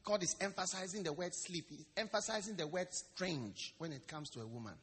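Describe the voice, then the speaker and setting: A man preaching a sermon in a lively, storytelling way, acting out quotes and jokes. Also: high voice, brisk, slight background noise. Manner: animated, storytelling with acted quotes and stammering imitations. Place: church service hall. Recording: long reverb of a large hall.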